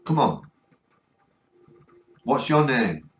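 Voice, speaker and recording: A man's voice: medium pitch, big pitch swings, very slow, roomy sound. A man with a northern English accent hosting a ghost hunt, earnestly coaxing spirits to speak during a spirit box session. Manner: coaxing, earnest, keeps pleading for replies. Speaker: ghost hunting vlogger. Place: cold spot on a ghost hunt.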